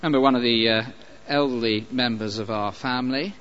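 A man preaching a sermon, emphatic and animated, with pauses and light asides. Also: medium pitch, clear, resonant tone. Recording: dull lo-fi recording.

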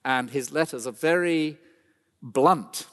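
A middle-aged male pastor delivers a sermon in an earnest, pleading tone that swells into fervent emphasis. His voice sits at an ordinary middle pitch. It carries a long reverb, as if spoken across a large church. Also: slow pace, a bit bright.

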